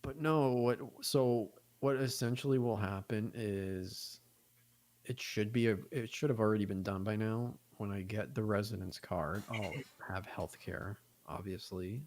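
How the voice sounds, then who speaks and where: A man with a low, gravelly voice talks on a podcast. He rambles loosely and chattily, piling on fillers as he tells his stories. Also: unhurried, darkish tone. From United States. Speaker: podcast guest. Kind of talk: casual podcast chat.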